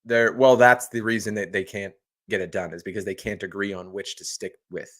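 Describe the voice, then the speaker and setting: A man's voice: on the low side, level tone, brisk, fairly bright tone. A man co-hosting a podcast, chatting casually and rambling, laughing easily, over a home mic. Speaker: podcast co-host. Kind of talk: casual chat. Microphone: home microphone over a call.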